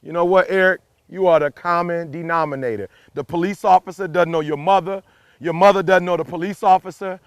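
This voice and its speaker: A man's voice: high voice, steady tone, fairly quick, clear, resonant tone, no echo, clean studio sound. A man giving a motivational speech in an emphatic, preachy way, repeating his key lines and driving each point home. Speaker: motivational speaker.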